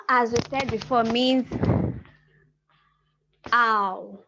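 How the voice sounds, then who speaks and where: A woman teaching a language class over a video call, explaining patiently and slowing down to repeat key phrases. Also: fairly high pitch, steady tone, background noise. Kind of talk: online class lecture. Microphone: computer mic on a video call. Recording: muffled video-call audio.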